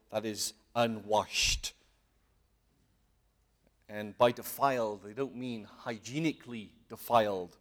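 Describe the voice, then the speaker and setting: A man's voice: medium pitch, fairly bright tone. A man giving an earnest sermon to a congregation, often posing questions and pressing his points with emphatic rises. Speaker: lay preacher. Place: meeting hall with congregation.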